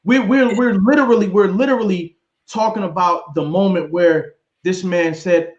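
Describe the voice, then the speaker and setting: A man hosting a livestream interview, energetic and hyping up the audience. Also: sits high, normal speed. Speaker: host. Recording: roomy, dull lo-fi audio.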